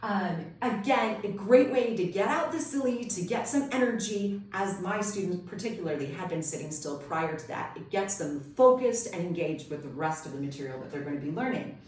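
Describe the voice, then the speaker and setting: A woman's voice: medium pitch, lively intonation, normal speed, few pauses, darkish tone. A woman homeschool tutor explaining classroom teaching ideas in an upbeat, enthusiastic way for an instructional video. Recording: very echoey room, distant mic.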